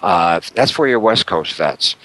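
A man's voice: deep voice, expressive, a little slow, a bit bright, no room sound, poor audio. A man hosting a talk radio show in a chatty, upbeat way, with plenty of fillers and small laughs.

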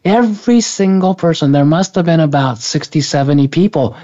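Mellow man rambling through a story. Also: fairly high pitch, animated, brisk. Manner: rambling, many restarts and self-corrections. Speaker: guest telling a personal story. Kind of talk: conversational storytelling. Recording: dull lo-fi recording.

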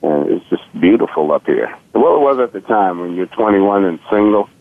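Sarcastic comedian guest, man in his 40s, slight Southern Virginia lilt, low voice over a tinny phone line. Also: moderate pace, gravelly. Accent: slight Southern rural Virginia. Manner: sarcastic, joking. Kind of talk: casual podcast chat.

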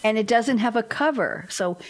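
A woman's voice: on the high side, animated, normal speed. A woman hosting a panel talk, chatty and playful, spelling out guests' web addresses. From lives in Tennessee. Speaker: host. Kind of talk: casual chat.

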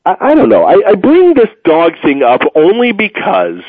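A man's voice: high-pitched, huge pitch swings, normal speed, dry recording. A man hosting a casual sports talk radio show, rambling and joking with plenty of fillers, tired from moving. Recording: phone-like, dry radio audio.

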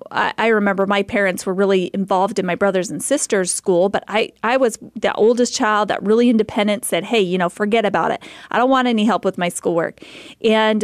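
A woman's voice: medium pitch, a little fast, dry recording, clean studio sound. A woman in her forties hosting a radio talk, thoughtful and rambling as she shares her views. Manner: thoughtful, rambling, restarts phrases. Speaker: radio host.

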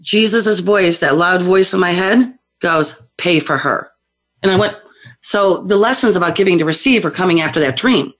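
Feisty, animated woman telling stories. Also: on the low side, normal speed. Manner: lively, feisty, acts out voices in her stories. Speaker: psychic medium guest. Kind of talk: animated storytelling on a call-in show.

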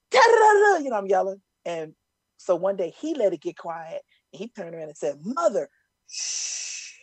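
A middle-aged woman chatting casually and telling lively stories, acting out other people's voices as she goes. Her voice is mid-pitched, and the sound is dry and close. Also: no room sound. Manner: animated storytelling, acts out voices. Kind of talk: casual chat.

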